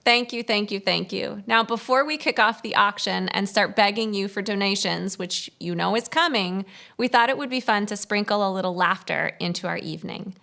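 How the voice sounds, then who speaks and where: Woman, event host, upbeat, gravelly, benefit announcements. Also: mid-range voice, brisk, sharp tone. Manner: upbeat, thanking sponsors.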